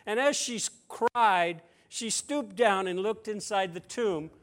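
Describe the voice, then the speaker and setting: A man with a notably high voice delivers a sermon, retelling a scripture story in a chatty, conversational way. He drops in playful, humorous asides. His delivery swings from loud emphasis down to soft near-whispers. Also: slow. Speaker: preacher.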